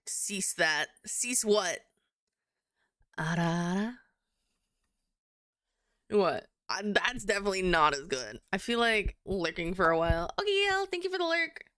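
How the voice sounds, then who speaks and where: Giggly young woman live-streaming, crisp close voice. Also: medium pitch, normal speed, few pauses, no room sound. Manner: giggly, animated, swears casually. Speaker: livestreamer chatting with viewers. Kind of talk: casual live-stream chat.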